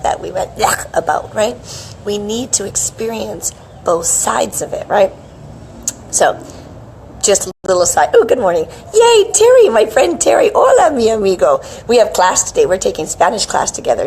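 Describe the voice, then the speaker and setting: Chipper, lively woman hosting a live stream. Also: lowish voice, gravelly, a little hiss or hum, poor audio. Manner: chirpy, animated, greets viewers by name. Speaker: host of a live wellness stream. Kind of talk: casual live-stream chat. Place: outdoors with a palm tree behind. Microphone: hands-free phone camera.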